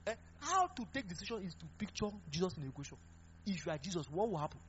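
Animated high-voiced preacher, lo-fi. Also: male voice, racing, a little hiss or hum. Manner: animated, mixing Pidgin, laughing and exhorting. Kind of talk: sermon. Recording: dull lo-fi recording with faint music.

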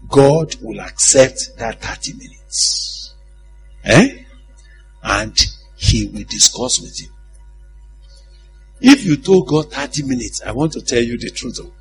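A man preaching a sermon in an animated, humorous way, often asking the congregation if they follow him. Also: mid-range voice, slow pace, long pauses, soft background music, rough recording.

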